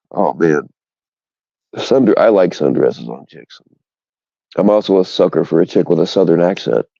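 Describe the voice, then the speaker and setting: Deep gravelly man, crude rambling chat. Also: dark tone, no room sound, highs cut off. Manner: rambling, bawdy, joking. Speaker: livestream host. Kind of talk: casual crude chat with viewers.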